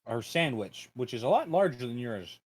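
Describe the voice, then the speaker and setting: A man's voice: mid-range voice, very animated, moderate pace, a little mellow, slightly rough. Dry-humored man running a tabletop game. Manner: dry, wry remarks. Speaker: game master. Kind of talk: tabletop role-play narration.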